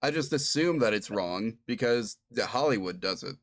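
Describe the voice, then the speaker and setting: A man's voice: mid-range voice, animated, normal speed, no echo, clean studio sound. A man streaming as game master of a tabletop playtest, laughing often and rambling through restarts. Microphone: streaming mic.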